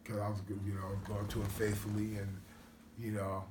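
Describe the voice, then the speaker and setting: A man's voice: fairly low pitch, completely flat delivery, moderate pace, echoey room, noisy background. A man who is a father, giving short plainspoken answers and saying "you know" a lot. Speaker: interviewee, father. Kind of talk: casual interview.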